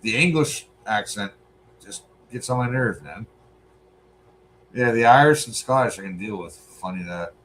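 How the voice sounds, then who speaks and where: A man's voice: on the low side, animated, unhurried, fairly bright tone, a little hiss or hum, low-quality recording. Blunt, swearing Canadian man. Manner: blunt, swearing, rambling asides. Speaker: streamer reacting to a debate. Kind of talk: casual profane commentary.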